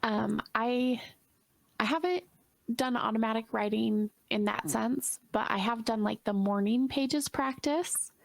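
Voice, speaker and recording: A woman's voice: fairly high pitch, unhurried, creaky, no room sound. A woman co-host in casual interview chat, thinking aloud reflectively with many "like" fillers. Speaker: podcast co-host.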